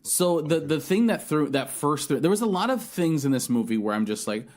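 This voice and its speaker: A man's voice: fairly high pitch, expressive, brisk, few pauses, a little mellow. A man hosting a podcast, reviewing a film in casual chat, rambling and swearing with many restarts. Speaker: podcast host.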